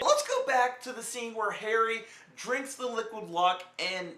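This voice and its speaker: A man's voice: very high voice, unhurried, sharp tone, echoey room. A young man giving a rambling, profane, joking film review as a vlog host.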